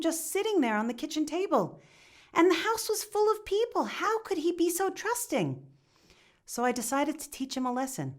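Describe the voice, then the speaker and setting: Woman doing a young village man, guilt-ridden, confessional, stammers, high-ish.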